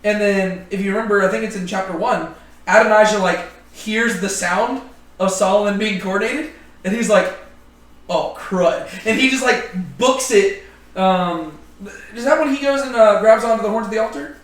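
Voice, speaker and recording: A man's voice: high-pitched, moderate pace, a bit bright. A man leading a casual group Bible study, joking and filling his talk with ums and likes. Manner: chatty, joking, many fillers. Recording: roomy, distant mic.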